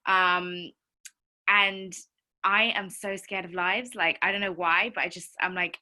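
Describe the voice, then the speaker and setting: A woman chatting excitedly on a group video call, rambling with many fillers. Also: fairly low pitch, unhurried. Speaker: call participant. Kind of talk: casual group-call chat.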